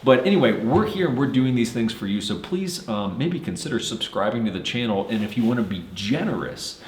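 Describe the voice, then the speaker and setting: A man's voice: mid-range voice, animated, brisk, echoey room, slight background noise. A man hosting a firearms gear channel, joking and rambling with many fillers in casual review chat, in a cold shoot house.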